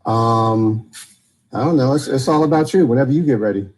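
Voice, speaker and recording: A man producing the show from a control center, talking casually and haltingly, with many restarts. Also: mid-range voice, a little mellow, low-quality recording. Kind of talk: casual explanation.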